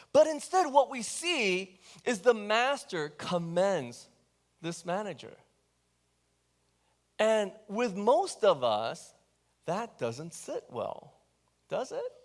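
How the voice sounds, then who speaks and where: A man preaching a sermon, talking with the congregation in a conversational, questioning way and telling the story with animation. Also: sits high. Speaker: pastor.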